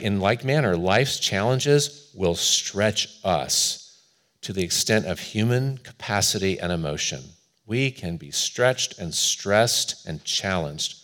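A male pastor delivering a sermon in a lowish voice. He speaks earnestly, weaving personal story into preaching. His delivery swells and then drops to quiet, hushed stretches.

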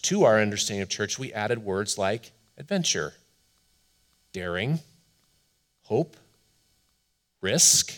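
Earnest, low-voiced male pastor preaching. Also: fairly bright tone. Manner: earnest, emphatic, slows down to stress key lines. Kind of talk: sermon.

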